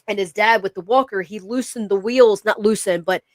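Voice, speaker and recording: A woman's voice: medium pitch, normal speed, dry recording. A woman co-hosting a podcast, telling a story in casual chat, rambling with many fillers and restarts. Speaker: podcast co-host.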